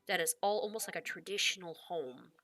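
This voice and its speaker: Woman running a tabletop game, chatty descriptive narration, bright voice. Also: lowish voice, lively intonation, a little fast, faint music behind. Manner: casual, descriptive, many "like" fillers. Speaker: game master.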